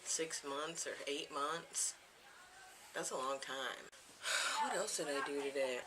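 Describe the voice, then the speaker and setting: A woman in her thirties, a vlogger, chats casually to the camera at home, rambling from topic to topic and laughing often. Her voice is deep and slow, with background noise indoors.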